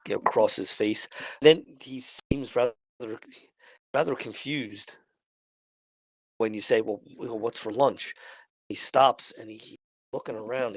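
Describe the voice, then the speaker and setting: A man narrating as game master of a tabletop role-playing game, halting and restarting often. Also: lowish voice, dry recording, rough recording. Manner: halting, many restarts and fillers.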